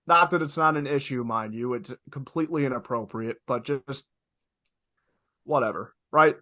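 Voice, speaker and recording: A young man co-hosting a podcast, telling stories in an animated, emphatic way, swearing freely and repeating lines for effect. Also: medium pitch, moderate pace, no echo, studio quality. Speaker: podcast co-host. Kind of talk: casual podcast storytelling.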